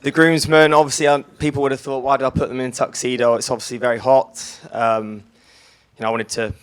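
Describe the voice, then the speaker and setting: A man's voice: medium pitch, level tone, brisk, a bit bright, clean tone. Cheeky young man giving a wedding speech. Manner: cheeky, teasing, laughs at own jokes.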